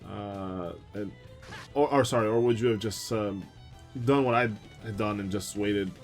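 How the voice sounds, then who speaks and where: A young man with a lowish voice is streaming a video game at a measured pace, with soft music in the background. As a gaming streamer doing casual let's-play storytelling, he spins a rambling, chatty anecdote full of fillers, asides and frequent laughs.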